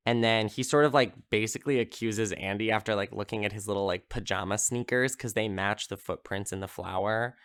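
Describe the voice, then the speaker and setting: A man's voice: fairly low pitch, steady tone, fairly quick, few pauses, a bit bright, clean tone. A man hosting a casual podcast, retelling a horror film in a chatty way, full of "like" fillers and easy swearing. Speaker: podcast host.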